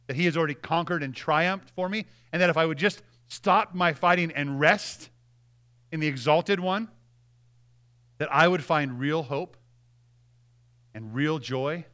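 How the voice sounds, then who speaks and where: A man's voice: fairly high pitch, a bit bright, clean tone. A man in his thirties preaching a sermon as pastor, earnest and conversational with frequent restarts.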